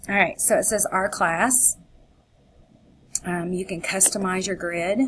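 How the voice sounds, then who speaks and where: A woman's voice: medium pitch, fairly even intonation, measured pace, long pauses, noisy background. A woman teacher narrating a screencast tutorial in a chatty, upbeat way, thinking aloud as she clicks through steps.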